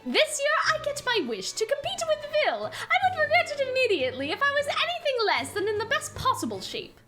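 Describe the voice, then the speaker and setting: A woman's voice: extremely high pitch, wildly swooping pitch, a little fast, pushed and bright, soft background music, voice pushed up, full character voice. Woman doing a flamboyant French hunter lad. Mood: theatrical. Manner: theatrical, with an exaggerated put-on French accent.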